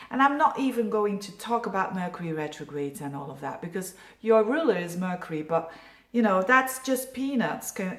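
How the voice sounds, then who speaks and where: A woman's voice: lowish voice, a bit bright, reverberant. A woman from Belgium, an astrologer, giving a yearly horoscope forecast in a chatty, reassuring way with many fillers. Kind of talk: casual horoscope video.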